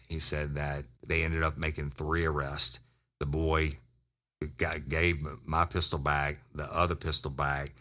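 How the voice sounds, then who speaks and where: A man with a very deep, low voice tells a crime story in a loose, meandering way. He swears freely and often starts his sentences over. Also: flat delivery, unhurried, bright, forceful tone. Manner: rambling, profane, with many restarts. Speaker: podcast host and retired detective. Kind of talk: casual storytelling.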